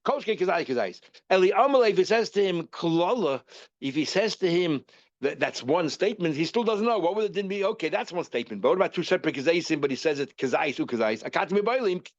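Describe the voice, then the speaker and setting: A man with a fairly high voice teaches a Talmud lesson, reasoning aloud in an animated, repetitive way. The recording is dry and somewhat dull, with the muffled top end of a lo-fi mic. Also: fast, no room sound. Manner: animated, repeats terms while reasoning aloud.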